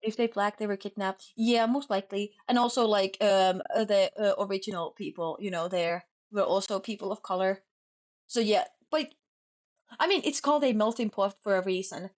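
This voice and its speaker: Young woman, Finnish accent, casual streamer chat, quick and sloppy delivery, mid-range voice. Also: medium pitch. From Finland. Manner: fast, sloppy talker who stumbles over words.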